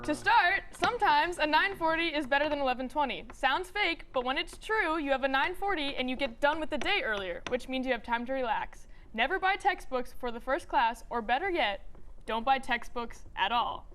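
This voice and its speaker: High, lively young woman co-host. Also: moderate pace, a little hiss or hum. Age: young adult. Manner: cheerful, bemused straight woman. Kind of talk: scripted student comedy sketch.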